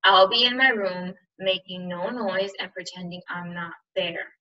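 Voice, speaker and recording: A woman's voice: fairly low pitch, steady tone, unhurried, highs cut off, lightly acted. A woman reading aloud as a miserable, resigned boy who speaks tonelessly.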